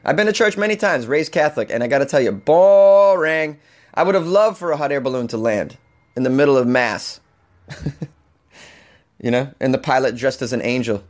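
Male podcast host, slightly hoarse, rambling and animated with a mid-range pitch. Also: fairly quick. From Boston, Massachusetts. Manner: rambling and animated, with frequent restarts and laughs. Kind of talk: casual comedic podcast monologue.

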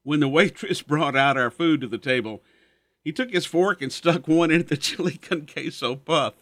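A man's voice: a little high, normal speed, a bit bright, no room sound. Folksy man hosting a show. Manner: chuckling storyteller. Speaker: host. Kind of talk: folksy radio monologue.

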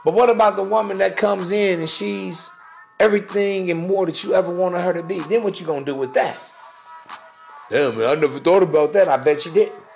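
Podcast host, male, fairly high voice with gritty fry, blunt and profane, lecturing with faint music underneath. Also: fairly quick. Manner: blunt, profane, preachy, slangy. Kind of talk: casual monologue.

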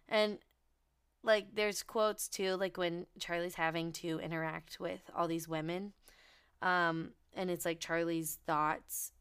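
Low smooth-voiced woman chatting about books. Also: slow pace. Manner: excitable, swears casually, reads book passages aloud. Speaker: podcast co-host. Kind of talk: casual book chat.

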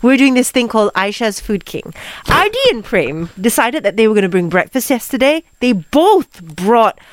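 Young Malaysian woman host, playful and teasing, higher voice, dry studio sound. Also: big pitch swings, moderate pace, dry recording. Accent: Malaysian English. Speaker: radio host and judge. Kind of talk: casual radio banter.

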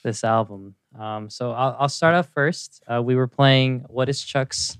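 A man co-hosting a music podcast, chatting casually and gushing about a song with many pauses and fillers. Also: mid-range voice, fairly bright tone, clear, resonant tone, dry recording, studio quality. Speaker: podcast co-host.

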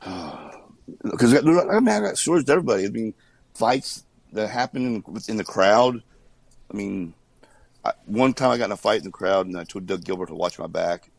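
A man, a former wrestler, telling stories in a casual interview, animated and laughing often while he acts out what people said. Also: fairly low pitch, moderate pace, gravelly, slightly rough, no echo, low-quality recording.

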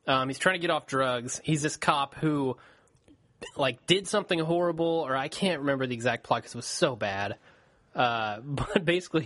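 Animated joking man, dry sound. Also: mid-range voice, no echo. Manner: animated, joking, riffs on movies. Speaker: podcast co-host. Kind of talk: casual chat.

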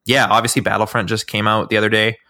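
A man's voice: lowish voice, flat delivery, fast talker, pushed and bright, no echo, studio quality. A man co-hosting a gaming podcast, chatty with stumbling restarts. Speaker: podcast co-host. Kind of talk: casual gaming podcast chat.

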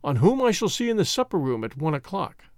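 A man voicing a cunning male spy who speaks quietly and placidly, with dry sarcasm. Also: a little high, very animated, fairly quick, dry recording. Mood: coolly sarcastic.

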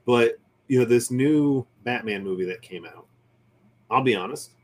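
A man's voice: mid-range voice, normal speed. A man hosting a podcast in casual chat, speaking in an opinionated, ranting way. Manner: opinionated, ranting about nerd movies and shows. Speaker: podcast host.

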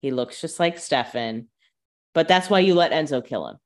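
A woman co-hosts a casual podcast, reacting to her partner with dry, joking comments. Her voice sits noticeably low. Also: animated, normal speed. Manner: wry, joking asides. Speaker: podcast co-host. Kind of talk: casual chat.

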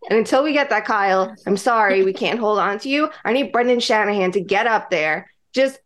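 A woman co-hosting a hockey podcast in casual chat, animated and acting out bits. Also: medium pitch, a little fast, few pauses. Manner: animated, acts out scenes with loud put-on voices. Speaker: podcast co-host.

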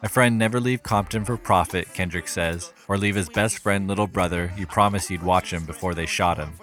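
A man hosting a podcast, reading a scripted music analysis in a measured, even way. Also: low-pitched. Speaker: podcast host.

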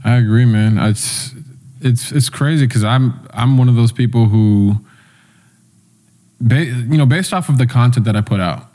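Chill guy hosting a podcast, kinda halting, starts over a lot mid sentence. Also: medium pitch, dark tone. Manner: laid-back, halting, many restarts. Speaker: podcast host. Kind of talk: casual interview chat.

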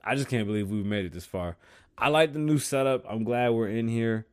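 A man hosting his own podcast, rambling and swearing, mixing English and Spanish, and high. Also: brisk, smooth. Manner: loose, swearing, switching between English and Spanish. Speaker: podcast host. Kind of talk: rambling profane monologue. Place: studio.

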